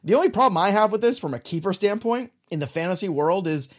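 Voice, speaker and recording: A man's voice: high-pitched, lively intonation, quick pace. A man co-hosting a podcast, chatting casually and emphatically, leaning on filler phrases as he makes his points. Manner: emphatic, leans on "look" and "you know". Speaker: podcast co-host. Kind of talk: casual sports chat.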